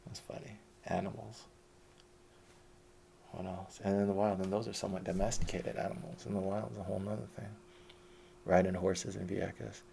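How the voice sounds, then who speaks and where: A man's voice: sits low, level tone, normal speed, gravelly, pauses often, mellow, a little hiss or hum. A man telling his life story in a rambling, profane, casual monologue.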